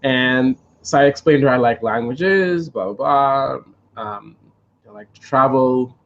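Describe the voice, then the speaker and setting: A man's voice: medium pitch, animated, measured pace, highs cut off. A man telling a rambling storytime on a live stream, hesitant, with many fillers and restarts. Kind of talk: storytime monologue.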